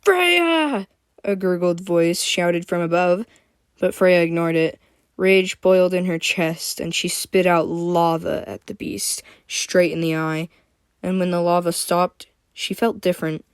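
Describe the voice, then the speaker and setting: Woman narrator of a fantasy tale, steady plain read, lowish, dry sound. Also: clear, resonant tone, no room sound. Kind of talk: reading her own fantasy story aloud.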